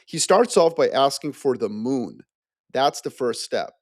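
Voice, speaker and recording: A man's voice: medium pitch, unhurried, dry recording. Guy on a podcast telling it like a story, playful, dry close mic sound. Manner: animated storytelling, playful asides. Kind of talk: casual geopolitical discussion.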